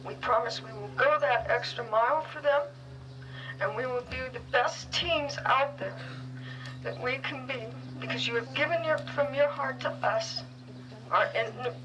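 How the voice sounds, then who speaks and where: Earnest woman speaking from a distance. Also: high-pitched. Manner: earnest, delivered in short halting phrases. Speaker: guide dog school graduate giving a speech. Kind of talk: heartfelt graduation speech. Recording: distant, faintly noisy ceremony recording.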